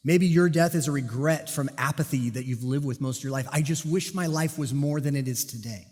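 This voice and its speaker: A man preaching a sermon, telling a personal police story with lively, self-deprecating humor. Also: medium pitch, a little fast. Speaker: pastor and police officer. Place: church sanctuary. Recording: long hall reverb.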